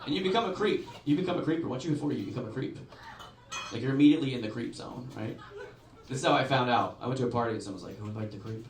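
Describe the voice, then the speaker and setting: A man in his forties performs stand-up in a comedy club, speaking very fast in a mid-range voice. He tells stories animatedly and acts out the voices, captured from far off in an echoey club with the crowd audible.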